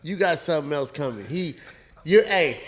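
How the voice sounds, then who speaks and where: A man co-hosting a podcast, venting about work in animated, slangy casual chat with swearing. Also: on the high side, moderate pace. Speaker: podcast co-host.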